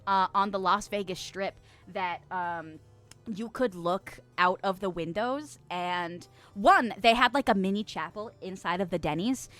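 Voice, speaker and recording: A woman's voice: mid-range voice, fairly bright tone. A young woman streaming and chatting with her viewers, rambling, laughing often and acting playfully indignant. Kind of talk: casual chat reading stream chat.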